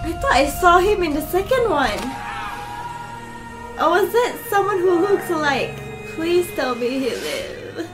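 A young woman hosting a movie reaction, chatting emotionally and laughing often. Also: high voice. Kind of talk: casual reaction commentary.

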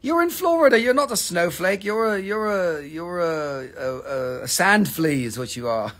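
A man's voice: high-pitched, expressive, moderate pace, fairly bright tone. A man casually hosting a live mineral sales stream, swearing and joking as he rambles. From Appalachian Valley, USA.

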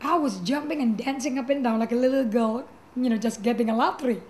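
High-voiced woman giving testimony. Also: fast, slight background noise. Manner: animated, acts out quoted voices, frequent restarts. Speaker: pastor. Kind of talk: personal testimony storytelling.

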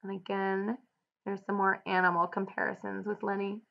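A woman teacher reading a novel aloud and adding clear, explanatory asides for students. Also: medium pitch, little pitch movement, normal speed, dull audio. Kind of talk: read-aloud with guided annotations.

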